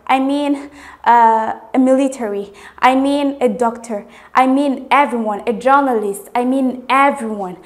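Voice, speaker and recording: A woman host gives an earnest, emphatic motivational talk and repeats key words for stress. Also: high-pitched. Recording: music playing underneath. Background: music.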